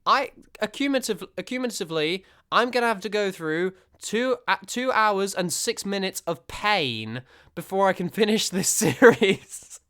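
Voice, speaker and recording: A man hosting a casual reaction video, talking in an excitable, rambling way. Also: high-pitched, moderate pace, clear, resonant tone.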